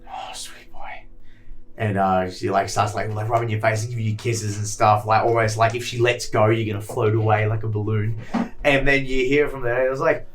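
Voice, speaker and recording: A man's voice: on the low side, level tone, fairly quick, faint music behind. Rambling man running a tabletop game. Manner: loose, rambling narration with many fillers. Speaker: dungeon master. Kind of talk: narrating a tabletop game, casual swearing.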